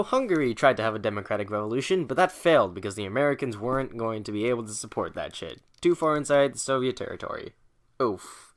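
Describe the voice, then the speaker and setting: A young man casually recapping history chapters, irreverent and profane, acting out mock quotes and pausing often. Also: medium pitch. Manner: hesitant, with fillers and restarts. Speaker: student summarizing history chapters.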